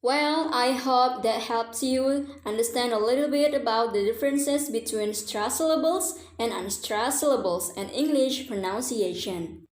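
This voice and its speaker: A woman's voice: fairly high pitch, measured pace, hardly any pauses. A young woman from Indonesia, giving a pronunciation lesson as a student presenter and stretching out the example words carefully. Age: young adult. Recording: echoey room, faint background noise.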